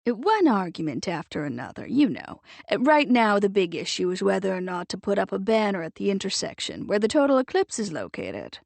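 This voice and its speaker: A woman's voice: medium pitch, huge pitch swings, brisk, vocal fry, hardly any pauses, no room sound, exaggerated voice. A woman voicing a prim, disapproving older woman who fusses over town committee business, speaking airily and with firm emphasis. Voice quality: haughty, emphatic and airy.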